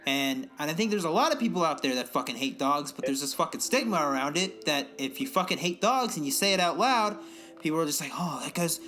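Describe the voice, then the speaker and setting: A man's voice: on the high side, lively intonation, brisk, pushed and bright. A young man co-hosting a podcast, ranting casually with lots of swearing and mocking impressions of other people. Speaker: podcast co-host. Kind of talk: casual profane rant.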